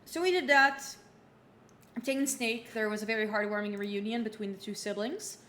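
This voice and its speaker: At a moderate pace, a young woman in her twenties with a slightly bright, higher-leaning voice makes casual livestream chat while playing, recapping the game in a rambling way with many fillers and restarts. The room sounds roomy and echoey, with a faint background hum.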